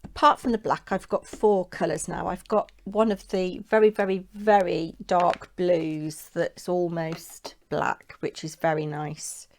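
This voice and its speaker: A woman's voice: lowish voice, fairly even intonation, unhurried. A woman hosting a crafting tutorial, chatting casually and talking to herself as she works. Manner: chatty, talks to herself while working. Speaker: papercraft tutorial host.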